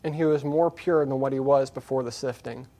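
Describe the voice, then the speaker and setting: Earnest preacher man, mid-pitched. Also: fairly even intonation, fairly quick. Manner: alternates between quiet reflection and raised, emphatic scripture reading; earnest, repetitive exhortation. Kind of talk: sermon.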